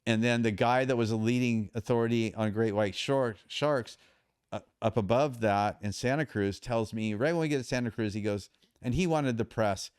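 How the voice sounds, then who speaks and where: A man's voice: mid-range voice, normal speed, darkish tone, smooth, no echo, clean studio sound. A man guesting on a podcast, telling a story casually and acting out the quoted dialogue.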